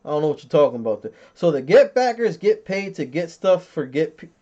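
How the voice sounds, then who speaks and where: Fairly high-pitched and mellow, his voice is very animated and moves fairly quickly. He's a man in his thirties hosting a podcast, reading chat comments and telling stories with plenty of jokes, swearing, and laughter. It's captured in dull lo-fi sound.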